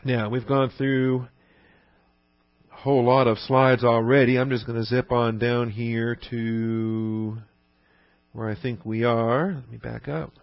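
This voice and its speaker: A man's voice: mid-range voice, level tone, slow, dry recording, lo-fi sound. A man teaching a Bible class in an earnest, folksy way, with fillers and restarts.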